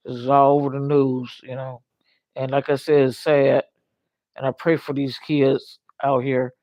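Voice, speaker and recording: With a mid-range, slightly mellow voice, an older livestream host speaks earnestly in a casual, rambling way, returning to the same points and saying "you know what I mean" again and again. The audio has no echo and the highs are cut off.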